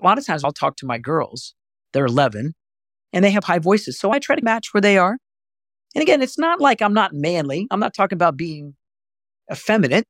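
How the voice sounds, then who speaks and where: A middle-aged man hosting a podcast voice lesson, animated and often jumping high to demonstrate. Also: brisk, dry recording, clean studio sound. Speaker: voice coach and podcast host.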